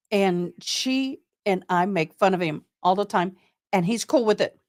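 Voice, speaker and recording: This livestream host, a woman with a Tennessee accent, gives casual commentary on a trial and pauses to thank viewers by name. She speaks unhurriedly at a medium pitch, and the studio sound is clean with no room noise.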